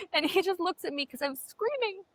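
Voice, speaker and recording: Woman, co-host, casual chat, bright voice, dry close sound, animated storytelling. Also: extremely high pitch, no echo. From Canada. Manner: animated storytelling, swears often. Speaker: podcast co-host.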